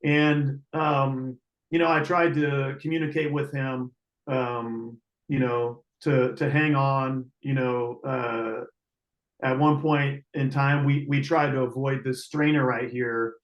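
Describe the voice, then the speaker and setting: Halting man telling a rescue story. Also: medium pitch, steady tone, roomy sound, muffled recording. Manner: halting, many fillers and restarts. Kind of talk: casual storytelling.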